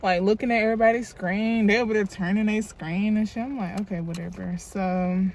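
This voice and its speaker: A woman's voice: medium pitch, steady tone, a little fast, darkish tone, slight background noise. A young woman, telling a storytime in a loose, chatty, profane way into a phone camera while doing her makeup. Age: young adult. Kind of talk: casual storytime vlog.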